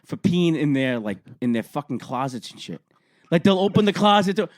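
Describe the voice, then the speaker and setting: A man's voice: fairly high pitch, big pitch swings, a little fast, no room sound. A man in his thirties co-hosting a podcast, telling a profane story in casual chat into a close mic. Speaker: podcast co-host.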